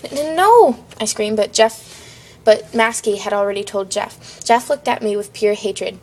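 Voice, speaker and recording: A woman's voice: mid-range voice, flat delivery. Woman reading a fan story aloud. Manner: hurried reading with stumbles. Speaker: fan fiction reader.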